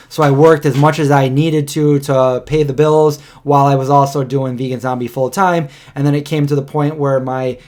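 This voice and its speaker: A man in his thirties co-hosts a casual livestream podcast in a medium-pitched, darkish voice. He's a rambling storyteller, wandering through a personal story and acting out what people said.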